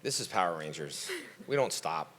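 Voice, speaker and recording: A man's voice: deep voice, animated, moderate pace, a bit bright. A man answering fan questions as a guest on a convention panel. He is a karate teacher who talks in a motivational way and acts out the voices of people he quotes. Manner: motivational, preaching self-belief.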